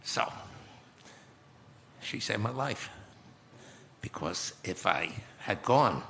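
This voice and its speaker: A man in his eighties telling a personal story slowly and reflectively as a guest in a conference interview, often restarting his phrases. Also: fairly low pitch, lively intonation, vocal fry, noisy background. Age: 80s. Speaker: guest speaker.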